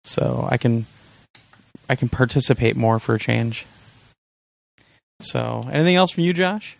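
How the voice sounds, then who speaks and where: A man hosting a gaming podcast in a relaxed, chatty way. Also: mid-range voice, unhurried, gravelly. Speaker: podcast host. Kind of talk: casual podcast sign-off. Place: home.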